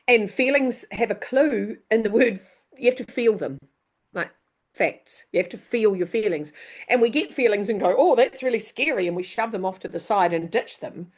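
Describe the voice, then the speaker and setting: A middle-aged woman, a coach and author chatting as a podcast guest, animated and quick to act out what people say. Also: medium pitch. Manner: lively, animated, acts out quoted voices, mild swearing. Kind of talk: casual podcast chat.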